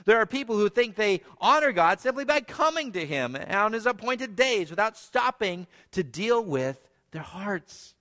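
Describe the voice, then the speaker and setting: Man, sermon, earnest, bright tone, long hall echo. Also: sits high, big pitch swings, unhurried, few pauses. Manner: earnest preaching, swinging between hushed and emphatic. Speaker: preacher.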